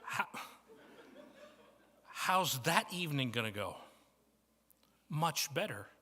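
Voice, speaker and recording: A Midwestern American man preaches a sermon in a church banquet hall, his slightly high, bright voice carrying a long reverb. He tells homely stories, dropping to quiet asides and then rising to emphatic points. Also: very animated, slow pace. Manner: storytelling with shifts from soft to emphatic. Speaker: guest preacher.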